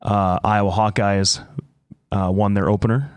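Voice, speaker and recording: A man co-hosting a casual radio chat, giving relaxed, short dry replies. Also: fairly low pitch, unhurried, smooth, no room sound. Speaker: co-host.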